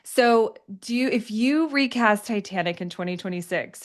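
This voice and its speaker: A woman with a mid-range voice hosts a podcast in casual conversation. She's excitable and laughs easily.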